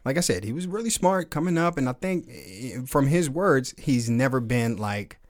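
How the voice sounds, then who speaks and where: Guy in his 40s hosting a podcast, cussing, animated, cracking himself up. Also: mid-range voice, normal speed. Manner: animated, profane storyteller who laughs often. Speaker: podcast host. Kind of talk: casual podcast chat with live chat.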